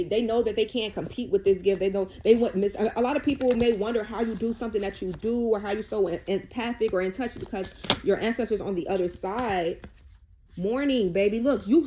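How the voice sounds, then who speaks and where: A woman's voice: medium pitch, mellow, a little hiss or hum. A woman giving a rambling, colloquial tarot reading, emotional and tearful at times. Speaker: tarot reader.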